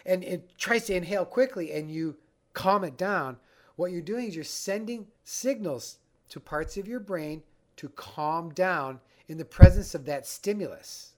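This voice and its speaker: A man teaching a breathing exercise for anxiety, guiding the listener step by step in a calm, instructive way. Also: on the high side, normal speed. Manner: calm, guiding, acts out the panicked mind. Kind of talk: instructional talk.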